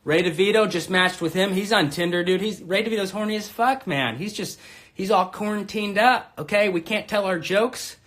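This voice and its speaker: Man, 30s, brash stand-up host, high voice, crude rambling, home live stream. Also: normal speed. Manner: brash, crude and rambling, swinging between shouts and mutters. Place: home room.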